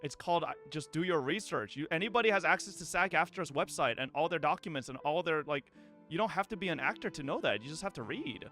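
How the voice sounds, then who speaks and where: A man streaming live, commenting on clips and talking to his chat in a profane, animated way with frequent laughs. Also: on the high side, quick pace, soft background music.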